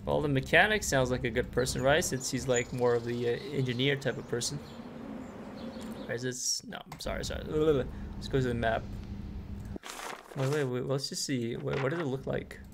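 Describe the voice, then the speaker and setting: A man giving low-key gameplay commentary, musing aloud and reading game lines. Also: moderate pace, vocal fry, noisy background. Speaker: gamer.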